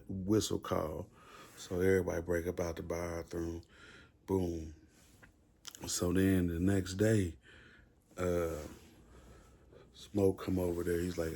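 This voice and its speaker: A man's voice: low-pitched, vocal fry. A man casually telling a rambling story full of slang and fillers. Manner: laid-back, rambling, heavy with fillers and slang; acts out the other inmates' shouting.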